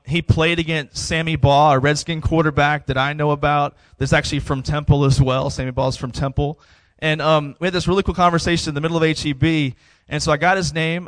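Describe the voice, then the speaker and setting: A man's voice: on the high side, a bit bright, no echo. A man, a pastor preaching a sermon in a conversational way, repeating key phrases for emphasis.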